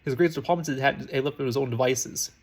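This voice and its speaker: Fast-reading man narrating fan fiction. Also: medium pitch. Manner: rushed, frequent slips and restarts. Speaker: reader.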